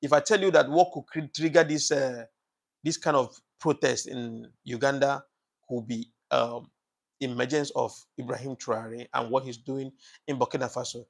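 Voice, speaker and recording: A man's voice: mid-range voice, normal speed, creaky. A man hosting a casual live broadcast, thanking viewers by name and preaching passionately about politics, with many fillers and repeats. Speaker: live-stream host.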